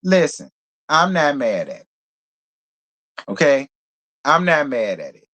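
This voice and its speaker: A man with a fairly high-pitched voice gives casual reality TV review commentary. He is blunt, profane and outspoken, and he talks like an animated gossip who never holds back his opinions. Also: takes it slowly. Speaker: reality TV recap host.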